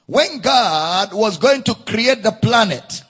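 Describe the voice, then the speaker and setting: A male preacher with a Nigerian English accent delivers a slow, deliberate sermon. His voice is high and swoops up and down in a sing-song way, with a slightly husky edge, and he repeats key lines for emphasis. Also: lively intonation, a bit bright. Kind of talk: sermon, Bible teaching.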